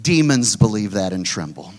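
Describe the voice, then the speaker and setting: Middle-aged man, pastor, sermon delivery, forceful emphasis with quiet low drops. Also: big pitch swings, normal speed. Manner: emphatic preaching, swinging between loud high pushes and low quiet drops.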